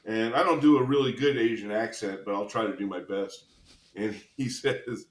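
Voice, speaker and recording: A man's voice: lowish voice, moderate pace. A man in his sixties, a retired police officer, telling vivid stories as a guest in a podcast interview, chuckling as he goes. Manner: lively anecdotal storyteller, chuckles between lines. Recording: roomy echo.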